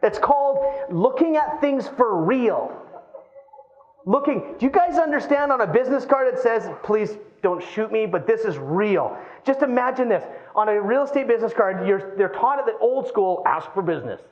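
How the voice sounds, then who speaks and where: A man in his thirties giving a live keynote talk, lively and playful, acting out quoted voices as he goes. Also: very high voice, normal speed, muffled recording. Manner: animated, acts out quoted voices. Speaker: keynote speaker.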